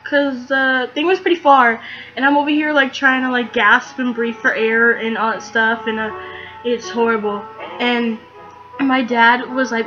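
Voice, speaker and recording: A teenage girl telling a story in a casual vlog, rambling and excitable with lots of fillers. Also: a little high, normal speed, lo-fi sound, music in the background. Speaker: vlogger.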